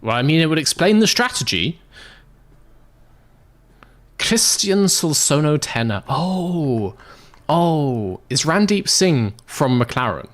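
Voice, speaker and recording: A man's voice: medium pitch, a bit bright. A man giving casual gameplay commentary as a game streamer, in a sarcastic, self-mocking and joking way.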